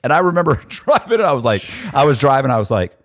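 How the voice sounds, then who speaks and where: A man's voice: mid-range voice, quick pace. A middle-aged man casually telling prison stories, swearing freely, laughing often and acting out what others said. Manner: animated, profane, laughs often, acts out quotes. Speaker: guest storyteller. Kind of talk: casual storytelling chat.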